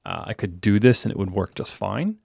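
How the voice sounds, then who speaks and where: A man's voice: fairly low pitch, brisk, creaky, slightly rough. A man teaching programming in a screen-recorded coding tutorial, explaining step by step and thinking aloud as he types. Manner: relaxed explaining, thinking aloud while typing code. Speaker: programming instructor.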